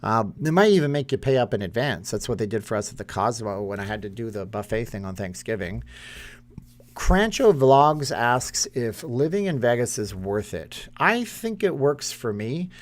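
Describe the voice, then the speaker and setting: A man's voice: medium pitch, very animated, normal speed. A man, hosting a casual live stream and reading chat comments aloud in a rambling way. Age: 30s.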